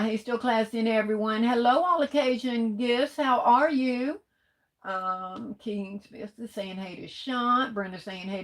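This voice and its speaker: A woman's voice: on the high side, low-quality recording. A woman hosts a casual livestream, reading viewer comments aloud and greeting each one affectionately as baby and honey. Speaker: livestream host.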